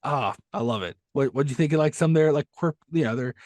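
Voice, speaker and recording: A man's voice: on the high side, quick pace, a little mellow, no room sound. A man co-hosting a podcast in casual film-discussion chat, rambling and retelling scenes with enthusiasm. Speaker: podcast co-host.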